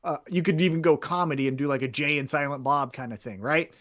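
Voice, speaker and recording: A male podcast co-host with a somewhat high voice in casual chat. He talks in halting bursts, full of fillers, and tosses in sarcastic asides. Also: fairly bright tone.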